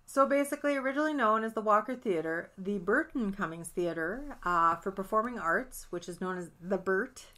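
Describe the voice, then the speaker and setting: A woman's voice: medium pitch, lively intonation, moderate pace, hardly any pauses, fairly bright tone. A woman co-hosting a podcast, chatting casually, swearing lightly and joking along. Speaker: podcast co-host. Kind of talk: casual chat.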